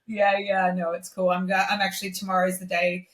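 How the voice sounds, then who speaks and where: A woman, a singer-songwriter and podcast guest, talking in a chatty, animated way with many fillers. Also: medium pitch, brisk. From Australia. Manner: chatty, animated, acts out quoted voices. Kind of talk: casual chat. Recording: roomy echo.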